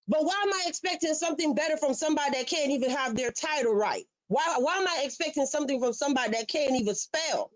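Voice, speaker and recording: A woman's voice: sits high, expressive, brisk, hardly any pauses, no echo, poor audio. A woman hosting a livestream, talking emphatically and passionately straight to her viewers. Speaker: livestream host. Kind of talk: heated livestream commentary.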